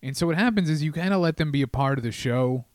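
A man's voice: fairly high pitch, lively intonation, fast talker, no echo, clean studio sound. A man, a comedian co-hosting a podcast, explaining his opinions at length in casual chat.

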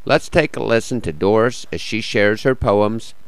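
A man's voice: lowish voice, moderate pace, smooth, no echo, rough recording. A man hosting a show, introducing a guest with dry, easygoing humor. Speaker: radio host introducing a guest. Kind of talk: casual spoken introduction.

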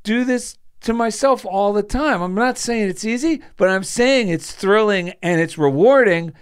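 High, smooth-voiced earnest man. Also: normal speed. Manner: earnest, encouraging, explains by retelling stories. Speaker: co-host. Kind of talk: casual chat.

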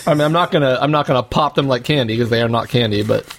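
A man's voice: medium pitch, rapid-fire. Easygoing man in casual chat. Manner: playful, easygoing. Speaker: podcast co-host.

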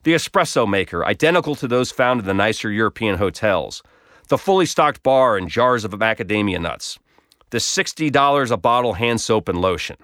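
A man's voice: lowish voice, animated, a little fast, fairly bright tone, dry recording, studio quality. Wry man telling a personal story. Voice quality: wry, self-deprecating, conversational. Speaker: blog storyteller.

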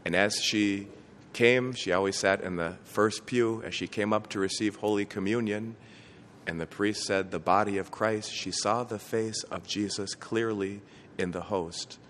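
Man, bishop's homily, deep low voice, earnest storytelling, long church reverb, faint hiss. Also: fairly even intonation, a little slow, a bit bright. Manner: storytelling, earnest, with small restarts. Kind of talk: sermon.

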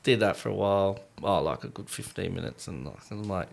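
A man's voice: low-pitched, a little fast, gravelly, crowd noise. A man, co-hosting a podcast in casual chat and telling a story in short, clipped fragments. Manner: laid-back, clipped fragments. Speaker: podcast co-host.

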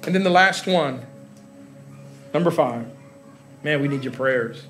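A man's voice: fairly high pitch, a little slow, over music, crowd noise. A middle-aged man preaching live as pastor in a large church hall, joking with the congregation and laughing. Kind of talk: sermon.

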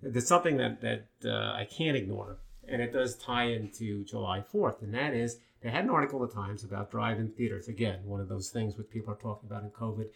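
An older man from Long Island, New York, telling stories in a casual chat, animated and full of fillers. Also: on the low side, fairly quick, vocal fry, few pauses. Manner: animated storyteller with many fillers.

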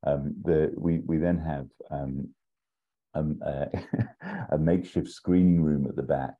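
A man's voice: extremely low pitch, steady tone, unhurried, phone-quality sound. A man telling a story idea in a casual chat, rambling with fillers and restarts and acting out the quotes. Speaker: podcast co-host pitching a story.

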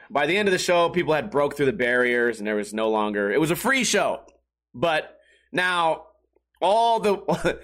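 A man's voice: fairly high pitch, fairly bright tone. Rambling, profane man telling a story. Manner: rambling, profane, laughs often. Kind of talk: casual storytelling monologue.

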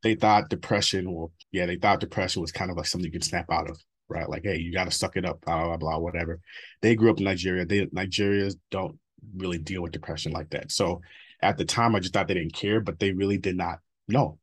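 A man's voice: sits low, fairly even intonation, quick pace, husky. A man in his thirties as an interview guest, talking bluntly and profanely about his past, with laughs between stories. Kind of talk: candid personal interview.

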